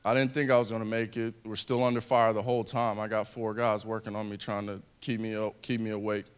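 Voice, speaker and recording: Smooth-voiced man telling his story. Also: on the low side, flat delivery. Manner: earnest, halting, with restarts. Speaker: wounded veteran speaker. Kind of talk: personal speech to an audience.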